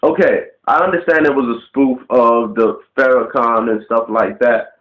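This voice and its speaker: A man's voice: mid-range voice, fairly even intonation, normal speed. Ranting man, blunt and profane. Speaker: vlogger. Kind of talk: casual rant to camera. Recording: roomy, dull lo-fi webcam audio.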